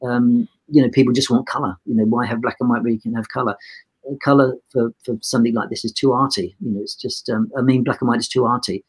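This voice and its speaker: A photographer in his sixties, interviewed on a podcast, tells a long, rambling anecdote, acting out the dialogue and restarting his sentences. He talks fast in a husky, mid-range voice with fairly even intonation, and the recording is low quality.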